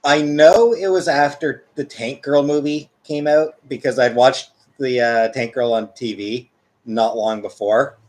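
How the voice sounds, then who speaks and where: A man's voice: medium pitch, fairly even intonation, measured pace. Rambling man in his forties. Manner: rambling, hesitant, self-correcting. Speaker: streamer reading chat. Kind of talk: casual chat.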